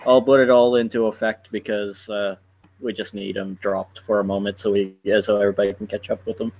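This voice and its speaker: A man's voice: on the low side, level tone, a little mellow, poor audio. A man playing in a tabletop game, thinking aloud as he works out his rolls and actions. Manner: slow, thinking aloud while working out dice rolls. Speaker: player. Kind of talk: casual tabletop gaming chat.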